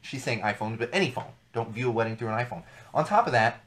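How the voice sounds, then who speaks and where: A man's voice: mid-range voice, animated, fast, a bit bright. Male host, thirties, loose solo commentary, riffs and repeats lines for effect. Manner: rambling, jokey asides, repeats for emphasis. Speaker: podcast host. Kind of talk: casual solo commentary on news.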